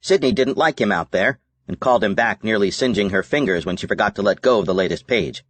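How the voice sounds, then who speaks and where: A man narrating a novel as an audiobook in a measured, even reading. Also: fairly low pitch, dry recording. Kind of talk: scripted narration.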